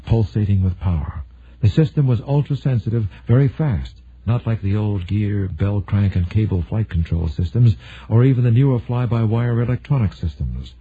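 Man, audiobook narrator, husky, steady measured reading, phone-like sound. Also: lowish voice.

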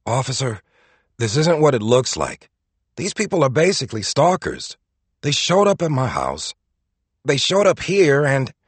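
A cornered young violinist swears and rages, read by a man whose voice rises loud and swings wide. The tone stays husky and dry, even at full volume. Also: mid-range voice, measured pace, no room sound, voice pushed up. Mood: pleading. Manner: shouting, swearing.

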